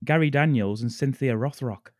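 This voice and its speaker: A man co-hosting a podcast, recapping a film plot in a relaxed, laughing, sweary way. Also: medium pitch, moderate pace, no room sound, studio quality. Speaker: podcast co-host. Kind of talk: casual chat, recapping a film.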